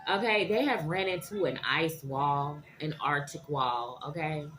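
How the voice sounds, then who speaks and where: A woman giving a tarot reading to her viewers, animated and dramatic, often checking in with "okay?". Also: deep voice, unhurried, slight background noise. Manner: animated, keeps asking "okay?". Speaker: tarot reader.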